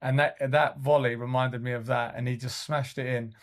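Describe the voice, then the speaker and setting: A man's voice: mid-range voice, flat delivery, normal speed. A man co-hosting a casual podcast, telling coaching stories in a rambling way full of fillers and restarts. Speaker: podcast co-host and youth football coach.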